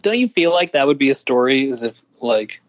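A man's voice: mid-range voice, expressive, a little fast. A man co-hosting a podcast in casual chat, a giggly, rambling storyteller. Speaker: podcast co-host.

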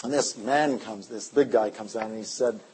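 A man preaching a revival sermon, telling stories in an animated way, his voice swinging between loud and hushed. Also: lowish voice, normal speed, husky. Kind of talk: storytelling sermon.

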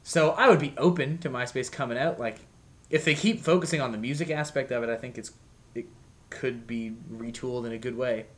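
A man co-hosting a casual music podcast, rambling loosely and filling his talk with "like" and "um". He laughs at himself and talks in a relaxed, unpolished way. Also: medium pitch, brisk. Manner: rambling, self-deprecating, lots of fillers. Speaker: podcast co-host. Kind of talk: casual chat.

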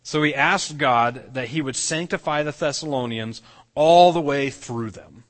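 A man's voice: medium pitch, a little slow, in a large hall. A man preaching a sermon as pastor, earnest, often restarting and repeating words as he explains. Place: church sanctuary.

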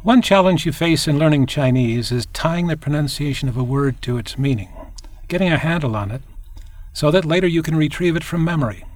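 Clear, explanatory male lesson narrator. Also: fairly high pitch, lively intonation, a little fast. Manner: clear, explanatory, demonstrates tones. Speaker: language course narrator.

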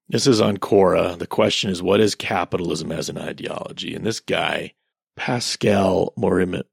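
A man's voice: sits low, vocal fry, slightly rough, no room sound, studio quality. A man in his thirties giving casual commentary on online posts, ranting in a sarcastic, profane way.

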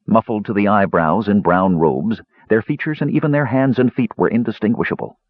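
A man narrating a fantasy novel in measured, expressive storytelling. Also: on the low side, breathy edge, no room sound, narrow, tinny audio. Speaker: audiobook narrator. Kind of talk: scripted narration.

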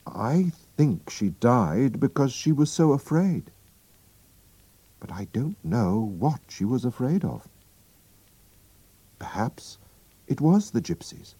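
A man slowly and expressively reading a storybook aloud for learners. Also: fairly low pitch, dark tone, slightly rough, dry recording. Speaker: narrator.

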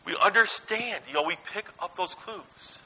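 A man in his thirties preaches in a relaxed, story-driven way, shifting between animated asides and quiet emphasis. His voice sits high for a man and rings very bright and forward. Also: normal speed, husky, poor audio. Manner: conversational, anecdotal, swings between lively and hushed. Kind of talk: sermon.

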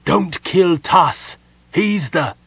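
A desperate ghost of a father, pleading in a low, hoarse whisper, as a male storyteller plays him. The voice is husky and quiet, recorded close and dry. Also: takes it slowly, no room sound, full character voice. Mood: urgent.

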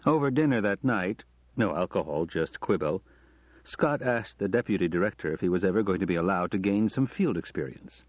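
Male narrator, low and husky, measured storytelling; dry, dull lo-fi audiobook read. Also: expressive, no echo.

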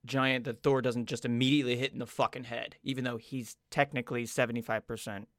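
A man's voice: mid-range voice, level tone, fast, a bit bright, no echo, studio quality. A man co-hosting a podcast, chatting casually and profanely with joking asides. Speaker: podcast co-host.

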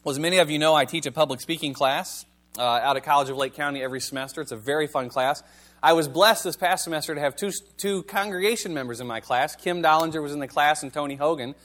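A man's voice: a little high, quick pace, a bit bright. A male pastor giving a sermon in a conversational, wry manner, reading scripture and asking the congregation rhetorical questions.

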